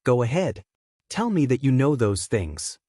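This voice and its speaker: A man voicing a blunt, sarcastic teenage boy who flatly defends his boyfriend in a deadpan way. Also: medium pitch, measured pace, dry recording, studio quality. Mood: deadpan anger.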